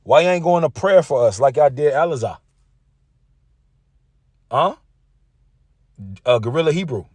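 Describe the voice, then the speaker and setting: A man's voice: on the high side, expressive, a little slow, long pauses, no room sound, clean studio sound. A man preaching combatively, reading scripture aloud and mocking rival preachers. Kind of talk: street-preacher sermon video.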